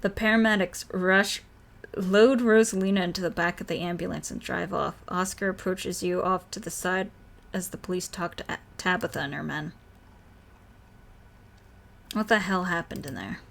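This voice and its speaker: A woman's voice: lowish voice, steady tone, normal speed, gravelly, fairly bright tone. A woman streamer reading a horror visual novel aloud, voicing every character in her own voice and reacting between lines.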